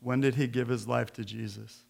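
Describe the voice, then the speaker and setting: A middle-aged man preaching a sermon in church, swinging between joking folksy asides and loud, emphatic scripture reading. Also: mid-range voice, fairly even intonation, brisk, creaky. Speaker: pastor.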